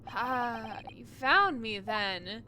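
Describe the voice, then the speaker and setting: A woman's voice: fairly high pitch, expressive, drawn-out words, background noise. A woman reading as a confused young man. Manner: reading game lines aloud dramatically.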